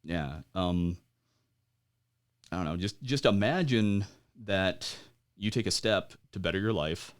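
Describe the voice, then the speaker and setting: A man in his forties, an American military veteran, telling his story as a podcast guest in a halting way, with lots of fillers and wry laughs. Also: low voice. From United States. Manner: halting, many fillers, laughs at grim moments. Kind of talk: conversational interview storytelling.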